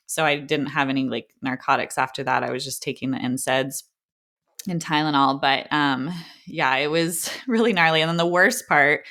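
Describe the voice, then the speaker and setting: A woman's voice: deep voice, fairly bright tone. A woman in her thirties, a podcast co-host, casually telling a personal story, full of "like" and acted-out quoted exchanges. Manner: chatty, frequent "like", acts out quoted exchanges.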